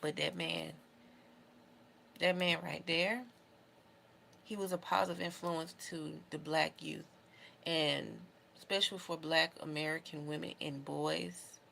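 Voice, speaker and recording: A young adult woman speaks casually to camera in a low voice with a gravelly edge. She talks in an emotional, heartfelt, rambling way. A faint background noise sits under the recording. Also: steady tone, a little slow, sharp tone. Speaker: beauty vlogger.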